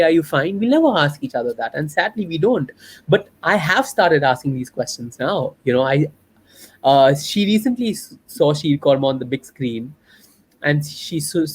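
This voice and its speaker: Earnest, heartfelt male filmmaker. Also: on the high side. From India. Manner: earnest, heartfelt, reflective, with frequent restarts. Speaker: interview guest, filmmaker. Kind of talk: emotional personal interview.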